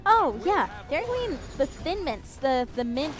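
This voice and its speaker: Chatty high-voiced young woman streamer. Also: music in the background. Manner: fast, expressive, rambling with many fillers. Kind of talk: casual chat while gaming.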